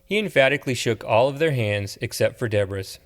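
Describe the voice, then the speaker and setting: A man narrating an audiobook novel in a measured, steady way. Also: medium pitch. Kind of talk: scripted narration.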